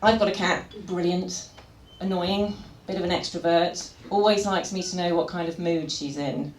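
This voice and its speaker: A woman's voice: fairly low pitch, fairly even intonation, normal speed. A woman doing a live stand-up set in a comedy venue, wry and full of puns, chatting with the audience. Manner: wry, pun-heavy, chats with the audience. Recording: echoey venue with crowd noise.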